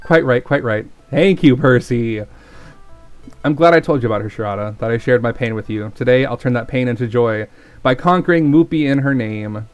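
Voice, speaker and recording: A man's voice: medium pitch, normal speed, clear, resonant tone, close to an everyday voice. A man voicing an earnest, formal young male gamer who speaks in a heartfelt, solemn way.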